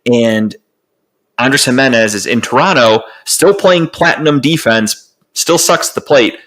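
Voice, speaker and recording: A man's voice: mid-range voice, a little slow, fairly bright tone, poor audio. A man co-hosting a podcast, rambling through casual sports chat with lots of profanity and restarts. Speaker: podcast co-host.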